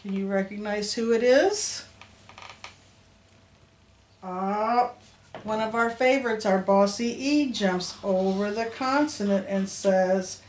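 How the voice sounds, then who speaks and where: Speaking slowly, with long pauses, a woman teaches young children phonics, sounding out letters in a patient, sing-song teacher voice. She's an elementary school teacher with a mid-range, darkish voice, recorded with a roomy echo and a faint hum behind her.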